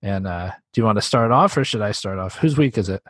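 A man's voice: on the low side, lively intonation, quick pace, fairly bright tone, no room sound. A man co-hosting a casual video game podcast, joking and laughing as he talks. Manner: laughing, jokey, slips into mock voices for quotes. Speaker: podcast co-host. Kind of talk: casual chat about video games.

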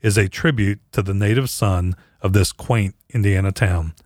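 Low-voiced man hosting a podcast. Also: normal speed, a little mellow. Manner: reads a scripted intro, then chats casually. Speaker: podcast host. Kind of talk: casual podcast chat.

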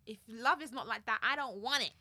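A young woman co-hosting a casual podcast chat, animated and laughing as she acts out her own reactions. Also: fairly high pitch, fairly quick, dry recording. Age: 20s. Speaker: podcast co-host.

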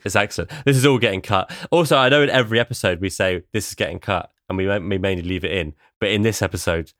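A man's voice: deep voice, fast talker, a bit bright, dry recording, clean studio sound. A man co-hosting a podcast, chatting wryly and explaining poetry at length. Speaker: podcast co-host. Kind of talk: casual chat about poetry.

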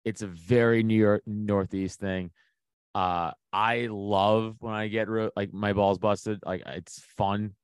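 A man's voice: on the low side, steady tone, slow pace, clean tone, no echo. A man, a comedian telling profane stories on a podcast and laughing often. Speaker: comedian guest. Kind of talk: casual podcast chat.

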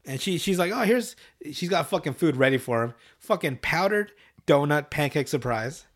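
A man's voice: a little high, animated, normal speed. Laughing, foul-mouthed man recapping a cartoon. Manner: loose and profane, laughing often. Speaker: podcast host. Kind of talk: casual chat recapping a cartoon episode.

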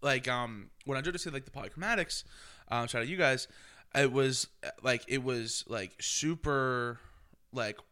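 Bright-voiced young man, rambling and joking. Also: mid-range voice, normal speed, smooth. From Pennsylvania, USA. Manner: rambling, filler-heavy, joking. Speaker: podcast host. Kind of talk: casual chat.

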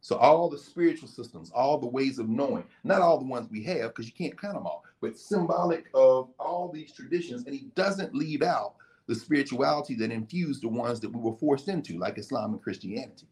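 A man's voice: mid-range voice, brisk. A man, a guest, explaining in a casual way and telling it like a story, now and then acting out what people said. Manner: animated, storytelling, acts out quotes.

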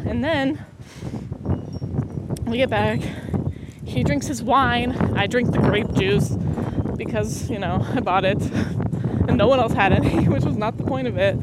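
A woman's voice: unhurried, pauses often. Young woman telling a sarcastic story. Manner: animated, sarcastic, laughs often. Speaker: podcast host. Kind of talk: casual storytelling monologue. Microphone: low-quality mic. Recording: noisy low-quality home recording.

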